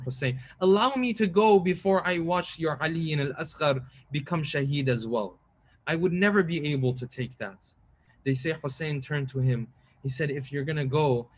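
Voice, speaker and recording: A man giving a mournful sermon, telling a tragic story with rising emotion and quick recited lines. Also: a little high. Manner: quotes Arabic lines in quick chant-like recitation. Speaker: preacher. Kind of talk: mournful majlis sermon narration.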